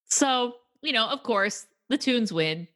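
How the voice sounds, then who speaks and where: A woman's voice: on the high side, expressive, takes it slowly, fairly bright tone. A woman co-host on a film review podcast, talking casually through the plot. She keeps slipping into little acted-out quotes from the characters as she retells scenes.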